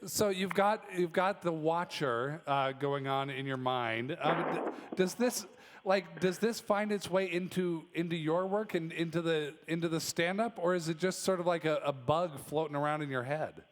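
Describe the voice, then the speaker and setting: A man's voice: fairly high pitch, moderate pace. A male radio host interviewing on a live stage, with curious and playful questions. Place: theater stage. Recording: stage hall reverb, faint noise.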